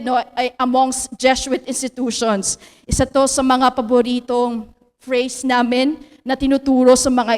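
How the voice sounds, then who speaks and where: A Filipino woman lectures as a theology teacher, her voice pitched high and her sentences often ending in a questioning "no?". She slips Tagalog words into her talk. The sound carries a long reverb, like a large hall. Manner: tag "no?" after phrases, mixes in Tagalog.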